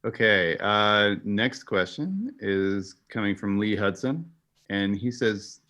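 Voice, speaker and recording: A man reading viewer questions aloud, with brief quiet reactions in between. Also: fairly low pitch, lively intonation, slow.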